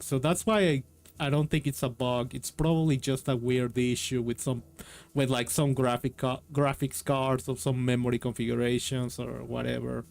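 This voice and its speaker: A man's voice: medium pitch, moderate pace, creaky, a little mellow. Man, streamer, casual rambling chat, read-aloud narration, faint background music. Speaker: streamer reading a novel.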